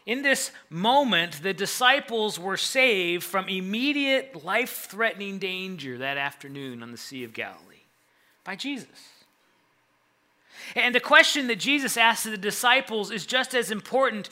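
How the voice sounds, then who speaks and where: A man's voice: high voice, expressive, a little slow, sharp tone. A man retelling a Bible story as a sermon, dramatizing the scene with rising urgency.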